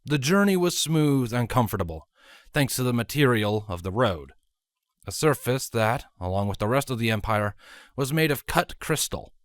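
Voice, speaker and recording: Brief: male audiobook narrator, animated pitch, dry close sound. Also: normal speed, dry recording. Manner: expressive storytelling. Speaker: fanfiction reader.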